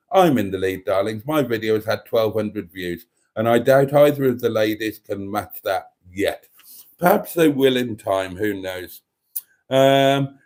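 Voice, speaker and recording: A camp, theatrical man hosting a live chat show and working through viewer comments. His pitch rises and falls expressively, and he drawls fondly at his audience with a playful, knowing tone. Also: a little mellow.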